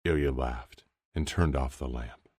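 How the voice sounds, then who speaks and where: A man narrating an audiobook in an even, measured reading. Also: very deep voice, slightly rough, no echo, clean studio sound. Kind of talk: scripted narration.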